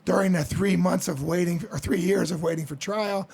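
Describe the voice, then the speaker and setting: A middle-aged man from the Midwest, a podcast guest telling stories in an animated way. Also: high voice, moderate pace, creaky, slightly rough. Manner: animated storyteller acting out crowd voices. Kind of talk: storytelling interview.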